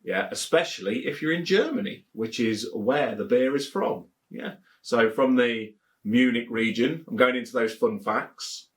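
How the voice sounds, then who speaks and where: A man's voice: medium pitch, unhurried. A man from England with a Leicestershire accent, chatting casually to camera as a beer reviewer, rambling and jokey and repeating his phrases.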